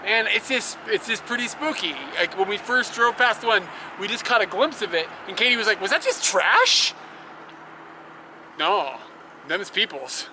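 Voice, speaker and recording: A man's voice: sits high, moderate pace. Chatty man on a noisy road trip. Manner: rambling, laughs often. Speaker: travel vlogger. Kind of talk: casual travel chat. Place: outdoors on a motorbike trip.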